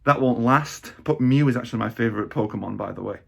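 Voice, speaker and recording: A man with a hoarse, raspy voice, chatting casually in a gaming vlog and rambling with many fillers. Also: medium pitch, fast talker. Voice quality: raspy, gravelly. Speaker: vlogger.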